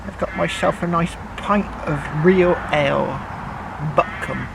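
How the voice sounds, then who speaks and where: Out in a field and then at a pub, a West Country English man vlogs casually about metal detecting, rambling and restarting a lot. He has a fairly high, gravelly voice, speaks at a measured pace, and there's noise in the background.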